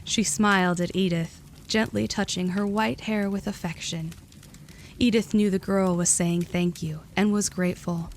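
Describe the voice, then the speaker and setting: Woman calmly narrating a storybook. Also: mid-range voice, normal speed, slight background noise.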